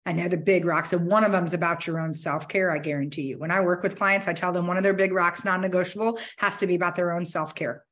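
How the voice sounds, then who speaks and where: A woman giving a motivational talk to a business networking group, energetic and candid, with casual swearing. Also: fairly low pitch, quick pace, few pauses. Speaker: motivational speaker. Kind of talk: conversational keynote talk.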